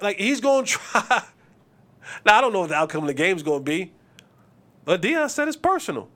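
A man hosting a sports podcast, giving opinionated commentary in an animated, preachy way and acting out quotes. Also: high voice, a little fast, long pauses.

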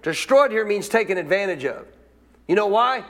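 A man's voice: sits high, expressive, normal speed. A man preaching a sermon to a congregation, emphatic, asking questions and repeating his points. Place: church.

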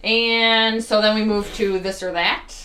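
A woman's voice: medium pitch, fairly even intonation, unhurried, pushed and bright. A woman co-hosting a podcast, chatting bluntly and casually. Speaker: podcast co-host. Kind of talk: casual chat. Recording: roomy echo.

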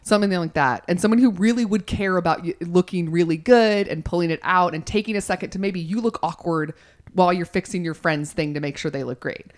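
Woman co-host, casual chat, animated storyteller, lowish pitch. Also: a little fast. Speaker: podcast co-host.

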